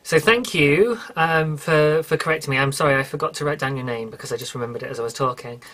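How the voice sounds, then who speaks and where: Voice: mid-range voice, quick pace, a bit bright. A podcast host with a British accent, chatting alone in a rambling way, correcting and apologising as they go. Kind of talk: casual solo podcast chat.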